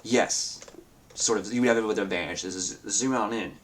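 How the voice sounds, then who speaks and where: A man with a fairly low voice narrating as game master, describing giants and battle scenes in a loose, rambling way full of fillers. A faint hiss sits behind his voice. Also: moderate pace. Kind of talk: narrating a tabletop game over a call.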